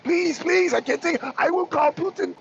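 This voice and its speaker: A man's voice: very high-pitched, normal speed, creaky, slight background noise, pitched above the performer's own voice. A man doing an impression of a panicked male French president, begging and repeating himself, on a slightly muffled recording. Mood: pleading.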